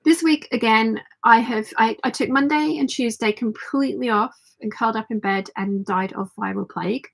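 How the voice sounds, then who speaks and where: A woman hosting a casual sewing livestream, chatty and reading viewer comments aloud, her voice slightly croaky. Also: a little high, normal speed. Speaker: sewing channel host.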